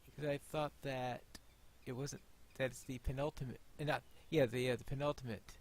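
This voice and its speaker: A man's voice: medium pitch, steady tone, fairly quick. A man casually commenting on his gameplay, chatty and wry, thinking aloud. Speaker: gameplay host.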